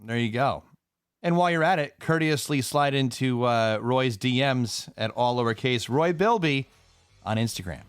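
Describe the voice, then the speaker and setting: A man's voice: medium pitch, animated, moderate pace, smooth, no room sound. A man co-hosting a podcast, telling stories in a casual, easygoing way.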